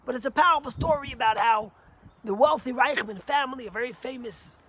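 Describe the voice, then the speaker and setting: Rabbi guy preaching, very high voice, tells stories with lots of emphasis, faint car noise behind. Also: a little fast. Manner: animated storytelling, emphatic. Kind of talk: sermon.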